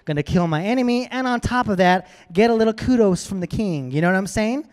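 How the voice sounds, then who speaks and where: Brief: casual, animated male preacher, higher-pitched voice. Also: a little fast. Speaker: pastor. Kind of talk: sermon.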